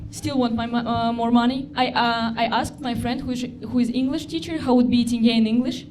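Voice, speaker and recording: Russian-accented woman doing stand-up. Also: fairly high pitch. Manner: deadpan, halting non-native phrasing. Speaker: stand-up comedian. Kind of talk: stand-up routine. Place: comedy club stage. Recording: live club with audience noise.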